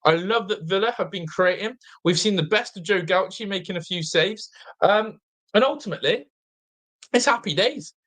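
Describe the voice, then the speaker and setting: Young man, fan watch-along host, chatty, excitable, bright tone, slightly blocked nose. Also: high-pitched, normal speed. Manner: chatty, excitable, reads viewer comments aloud. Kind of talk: live fan commentary and chat.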